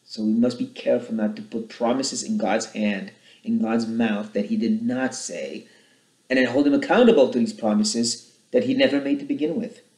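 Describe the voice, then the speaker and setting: An earnest man teaching on a Bible verse, speaking at an ordinary pitch. His voice rings a little in an echoey room. He explains the passage in a steady way and asks pointed questions about it. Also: normal speed. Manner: earnest, rises in pitch and volume when reading scripture aloud. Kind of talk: short Bible teaching talk.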